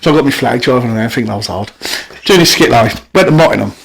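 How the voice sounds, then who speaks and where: A man's voice: medium pitch, animated, racing, creaky. A middle-aged man telling rambling, sweary stories in a casual podcast chat, full of restarts.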